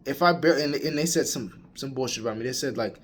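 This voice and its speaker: A man's voice: mid-range voice, fast talker. A young man in college talking casually to camera, rambling with restarts and calling the listener "bro.". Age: young adult. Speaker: college student. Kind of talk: casual vlog rant.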